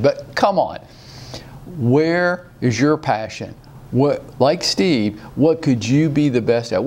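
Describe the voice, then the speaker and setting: A man's voice: mid-range voice, a little hiss or hum. Rallying man coaching. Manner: animated, rallying, rhetorical questions. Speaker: real estate sales coach. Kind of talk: motivational training talk.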